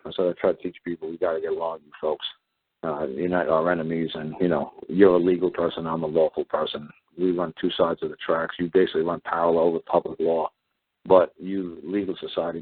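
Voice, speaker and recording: A man's voice: deep voice, slightly rough, dry recording. A man hosting a talk show, telling a story in a blunt, combative way, repeating "I said" as he goes. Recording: tinny phone line.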